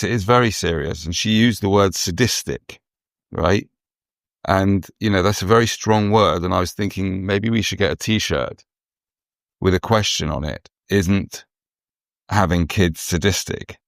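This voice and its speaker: A man's voice: low voice, gravelly, no echo, clean studio sound. A man talking casually on a podcast, hesitant, restarting his sentences and stumbling over words. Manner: hesitant, full of restarts and fillers. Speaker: podcast co-host. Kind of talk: casual chat.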